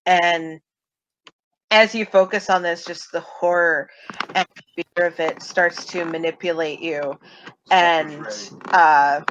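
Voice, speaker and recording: A woman's voice: fairly low pitch, a bit bright, a little hiss or hum, low-quality recording. A woman running a tabletop role-playing game as game master, narrating scenes in vivid detail with the odd filler.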